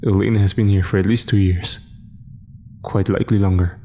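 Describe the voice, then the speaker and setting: A man narrating a first-person horror story in a steady, measured voice. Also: low-pitched, slight background noise. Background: faint music.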